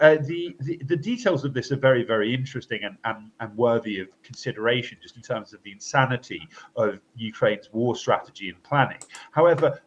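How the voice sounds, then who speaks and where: A man hosting a political commentary podcast, talking in a halting way with many fillers and restarts. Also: mid-range voice. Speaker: co-host. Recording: slightly dull lo-fi audio.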